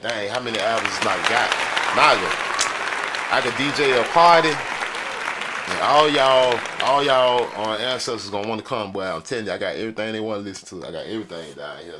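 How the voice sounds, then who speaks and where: A man chatting casually to his viewers in a loose, slangy, joking way as he shows off his record collection. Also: lowish voice. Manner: loose, slangy, joking, talks straight to the audience. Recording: crowd and noise behind the voice.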